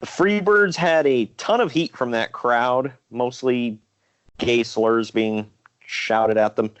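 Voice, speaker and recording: A man co-hosting a podcast, casually recapping old wrestling shows in a rambling, relaxed way with fillers. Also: medium pitch, takes it slowly, lo-fi sound. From Ohio. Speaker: podcast co-host.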